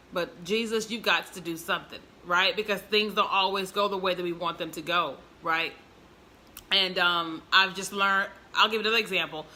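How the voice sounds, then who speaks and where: A woman chatting casually to viewers from home on a livestream, expressive, with frequent laughs. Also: medium pitch. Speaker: entrepreneur livestreaming to followers.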